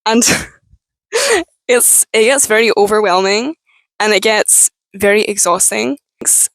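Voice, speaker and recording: A woman's voice: mid-range voice, lively intonation, dry recording, low-quality recording. Frank young woman, strained voice. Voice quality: strained, tense voice. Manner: frank, swears freely, halting restarts. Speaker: vlogger. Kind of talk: candid personal talk to camera.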